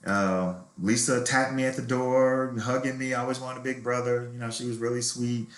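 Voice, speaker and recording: Speaking fairly quickly with a medium pitch and steady tone, a middle-aged male novelist recounts his life story as an interview guest. He's reflective and candid, and the recording has a roomy echo.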